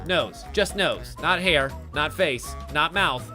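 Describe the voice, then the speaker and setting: A man's voice: a little high, sing-song, a little slow, hardly any pauses, bright, forceful tone, faint music behind. A man streaming a party game live, chatting playfully and sarcastically with his audience. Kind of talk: casual live-stream commentary.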